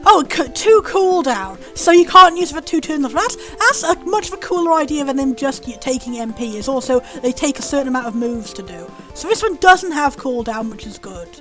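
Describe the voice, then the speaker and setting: A British woman giving bubbly, excitable commentary while playing a video game. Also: high voice, a little fast, few pauses, faint music behind. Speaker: let's play host. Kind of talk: gameplay commentary.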